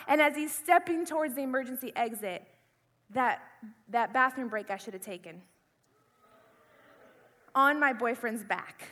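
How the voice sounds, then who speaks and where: A young woman preacher telling an animated personal story in a sermon. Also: sits high, normal speed. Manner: animated storytelling, acts out screams and panic. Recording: long hall reverb.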